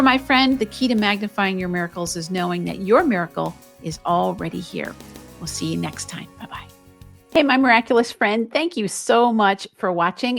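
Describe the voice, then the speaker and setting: A middle-aged woman hosting a spiritual podcast, speaking softly and earnestly, encouraging her listeners and drawing out her vowels. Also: medium pitch. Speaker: podcast host and spiritual teacher. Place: room with a sword behind her.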